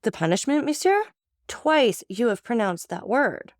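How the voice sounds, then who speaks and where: A woman's voice: on the high side, big pitch swings, measured pace, no echo, studio quality, voice pushed up. A woman voicing a terrified, cornered wife who stammers and pleads.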